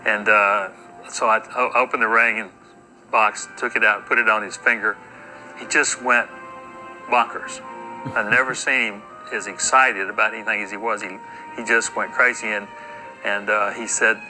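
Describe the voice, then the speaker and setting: A man being interviewed, telling a story in a halting, hesitant way. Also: fairly low pitch, little pitch movement, bright, forceful tone, poor audio. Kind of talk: anecdotal storytelling. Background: music.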